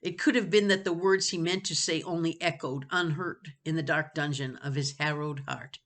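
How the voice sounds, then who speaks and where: A woman reading a novel aloud to students, pausing to savor phrases and chat about them. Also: deep voice. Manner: expressive, stops to savor phrases. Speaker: reader for students.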